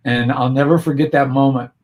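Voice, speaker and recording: Male interview guest, mid-pitched voice, reflective and earnest, over a video call. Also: steady tone, brisk, darkish tone. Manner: earnest and reflective, with frequent restarts.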